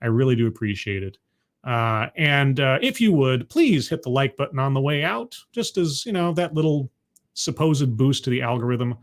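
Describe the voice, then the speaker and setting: A man's voice: medium pitch, animated, moderate pace. A man signing off a live stream in a rambling, self-deprecating way, with frequent restarts. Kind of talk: casual live-stream sign-off.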